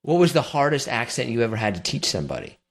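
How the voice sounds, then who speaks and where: Lively-voiced male interviewer. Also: medium pitch, fast. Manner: playful, teasing questions. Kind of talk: casual interview questions.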